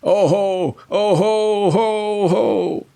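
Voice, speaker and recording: A man voicing a timid old Swabian leader with high, strained cries. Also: steady tone, a little slow, gravelly, a bit bright, clear, resonant tone, full character voice. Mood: panicked.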